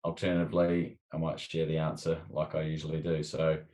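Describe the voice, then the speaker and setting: A man's voice: rumbling low, completely flat delivery, brisk, darkish tone. A young man co-hosting a podcast in casual chat, giving brief plain replies with fillers. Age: young adult. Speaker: podcast co-host.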